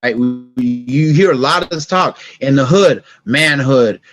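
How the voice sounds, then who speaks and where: A middle-aged man appears as a podcast guest, telling stories in relaxed conversation, acting out scenes with sound effects and growing soft and reflective at emotional moments. His voice sits in the mid-range and he speaks slowly, with faint music in the background.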